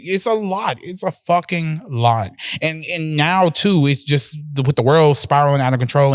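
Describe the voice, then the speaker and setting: A young man talks through a casual solo podcast in a loose, rambling, heartfelt way, swearing freely. His voice is mid-pitched and often shoots up when he gets worked up. The sound is close and dry, with no room around it. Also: dry recording. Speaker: podcast host.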